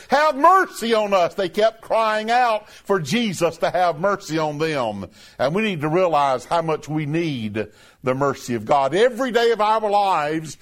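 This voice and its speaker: A man preaching a sermon, emphatic and deliberate, repeating phrases as his voice swells and drops. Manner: emphatic, repeating phrases with rising and falling pitch.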